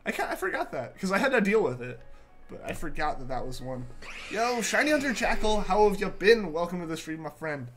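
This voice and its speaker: Faint music plays behind a young streamer whose high-pitched, fairly bright voice swings widely in pitch at a fairly quick clip. He chats casually with viewers while gaming, repeats himself a lot, and sounds congested as he recovers from a sore throat.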